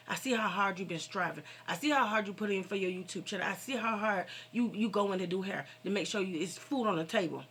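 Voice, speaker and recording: Gravelly, bright-voiced woman vlogger venting. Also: mid-range voice, fast, hardly any pauses. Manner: preachy, fervent, talks straight to viewers. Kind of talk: casual heartfelt vent to viewers.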